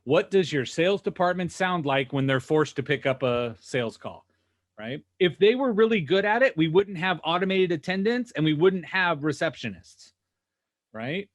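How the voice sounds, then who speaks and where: Male sales trainer, fairly high voice, punchy and rhetorical, talking over a video call. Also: normal speed. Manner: energetic, rhetorical, keeps asking "right?" and "okay?". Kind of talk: animated teaching on a video call.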